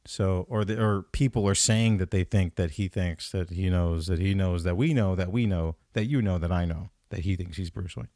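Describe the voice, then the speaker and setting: A man's voice: deep voice, moderate pace, hardly any pauses, no echo, studio quality. A man hosting a comedy podcast, ranting casually about a movie, swearing a lot and acting out his own thoughts. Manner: profane, animated, acts out his own thoughts in quotes. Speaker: podcast host.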